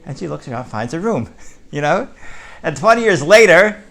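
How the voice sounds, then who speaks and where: Gravelly-voiced man teaching a Torah class. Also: a little high, sing-song, moderate pace, a bit bright. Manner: conversational, keeps asking "right?" to the listeners.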